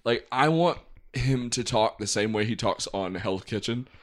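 A man's voice: medium pitch, moderate pace. A young man co-hosting a podcast, trading sarcastic, mock-insulting banter in casual chat. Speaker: podcast co-host.

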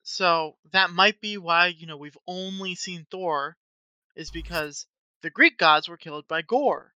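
A woman co-hosting a podcast, talking in an excitable, chatty way with lots of "like" and "um". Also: on the low side, measured pace, dry recording. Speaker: podcast co-host. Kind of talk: casual chat.

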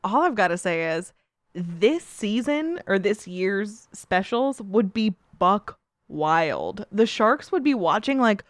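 A woman co-hosting a podcast in casual comedic chat, laughing often and talking with excitement. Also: medium pitch, a little slow, no room sound. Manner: giggly, enthusiastic, laughs often. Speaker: podcast co-host.

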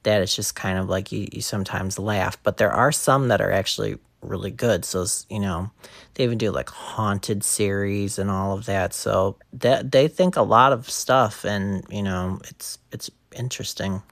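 Gravelly man telling funny anecdotes. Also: moderate pace, no echo. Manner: animated, acts out quotes in a high voice. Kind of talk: casual storytelling.

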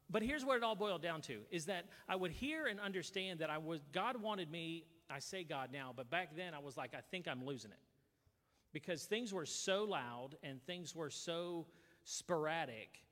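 A man earnestly sharing a personal testimony at a gathering, speaking into a handheld mic with halting restarts. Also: a little high, a bit bright, in a large hall.

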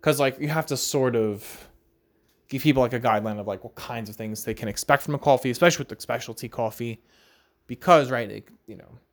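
A man's voice: medium pitch, fairly quick. A man hosting a casual solo podcast chat, rambling loosely with lots of "like" and "right?" and the odd easy laugh. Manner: rambling, filler-heavy, frequent "like" and "right?"; relaxed, laughs now and then. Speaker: podcast host.

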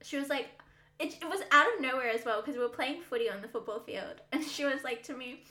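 This podcast co-host is a young woman whose voice sits high, with a brisk pace and a sharp tone, recorded with a roomy sound. Her chatter is lively, full of laughter and swearing, in a casual chat format.

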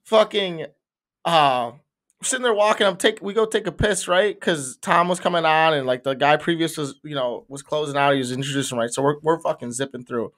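Young male podcast co-host, fairly high voice, rambling and profane, casual banter. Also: a little fast, fairly bright tone. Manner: swears a lot, rambling storyteller. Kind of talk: casual chat.

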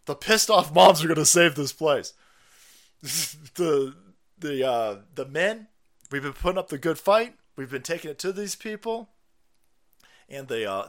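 A middle-aged man hosting a livestream, ranting loudly in a profane, sarcastic way and laughing often. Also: a little high. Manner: loud, laughing, foul-mouthed, sarcastic. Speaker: livestream host. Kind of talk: profane political rant.

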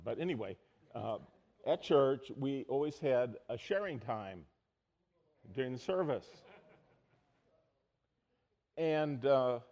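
Middle-aged male pastor, lively storytelling preacher, plain mid-range voice. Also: mid-range voice. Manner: storytelling, animated, acts out quotes loudly. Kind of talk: sermon.

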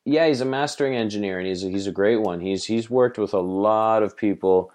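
Band guest: Canadian man, deep, easygoing chat, laughs a lot. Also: fairly quick, a little mellow. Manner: laid-back, laughs often, swears casually. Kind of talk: casual interview chat.

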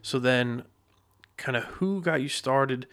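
A man's voice: mid-range voice, takes it slowly, fairly bright tone. Easygoing male podcast host. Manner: friendly, hesitant with ums and restarts. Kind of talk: casual interview chat. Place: podcast studio.

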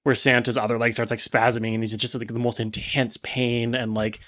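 A man's voice: medium pitch, level tone, brisk, a bit bright. A man narrating a comedy tabletop game as game master, rambling with lots of fillers. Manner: rambling, filler-heavy, hesitant.

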